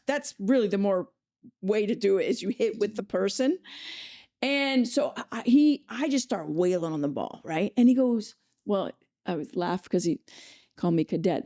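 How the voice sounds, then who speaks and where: Woman host, chatty, enthusiastic, mellow voice, dry sound. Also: medium pitch, no echo. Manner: chatty, enthusiastic, quick asides. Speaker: podcast host. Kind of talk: casual conversational storytelling.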